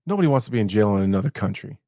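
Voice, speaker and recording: A man's voice: fairly low pitch, lively intonation, rapid-fire, mellow, no echo, studio quality. A man co-hosting a podcast, bantering casually with lots of laughter and hedging. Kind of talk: casual chat.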